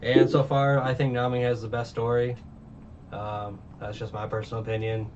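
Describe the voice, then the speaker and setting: A man's voice: medium pitch, little pitch movement, moderate pace, darkish tone. A young man casually recapping anime episodes, rambling with many fillers and restarts. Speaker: anime reviewer. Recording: dull distant mic, faint hiss.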